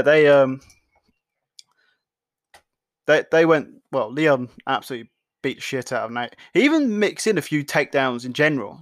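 A man's voice: medium pitch, dry recording. A young man hosting a podcast, talking loosely and swearing a lot, often restarting his sentences. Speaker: podcast host. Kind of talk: casual solo commentary.

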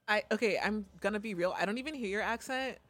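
A young woman from the southern United States, co-hosting a podcast in a quick, chatty way. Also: medium pitch, dry recording. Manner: quick, chatty, swears casually. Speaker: podcast co-host. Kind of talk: casual chat.

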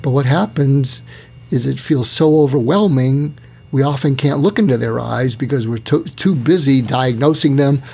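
A man, a psychiatrist, telling a personal story in a talk, acting out the voices of the people in it and slowing down for emphasis. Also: medium pitch, gravelly, warm tone, husky. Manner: acts out quoted voices, slows down for emphasis.

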